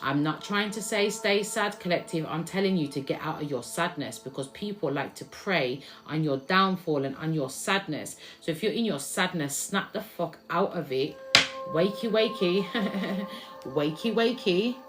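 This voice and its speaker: A woman's voice: sits low, moderate pace, loud music behind the voice. A woman giving a live card reading to her viewers, blunt and emphatic, who swears and greets people from the chat. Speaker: tarot card reader.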